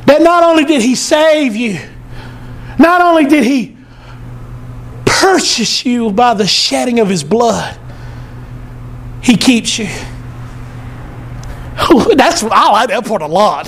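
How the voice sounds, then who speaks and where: Very high-voiced, impassioned male preacher. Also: lively intonation, slow, long pauses, a little hiss or hum. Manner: impassioned, swelling into shouts, colloquial. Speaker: pastor. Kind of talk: sermon. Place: church service.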